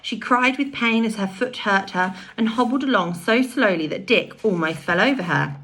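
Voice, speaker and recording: A woman reading a children's novel aloud with expressive storytelling. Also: mid-range voice, moderate pace, husky. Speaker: audiobook reader.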